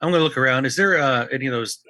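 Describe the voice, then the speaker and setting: Man with a sharp, bright voice. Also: mid-range voice, racing, no room sound, low-quality recording. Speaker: player. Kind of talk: tabletop game play.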